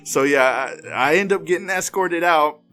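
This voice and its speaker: A man's voice: a little high, normal speed, soft background music. A young man telling a drinking story in a casual podcast chat, laughing often and acting out what others said. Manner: animated storyteller, laughs often, acts out quotes. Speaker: podcast co-host or guest.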